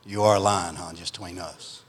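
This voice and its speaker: A male preacher voicing a blunt, gruff country traffic cop who talks slow and knowing, with long hall reverb. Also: sits low, fairly even intonation, pitched below the performer's own voice, natural voice.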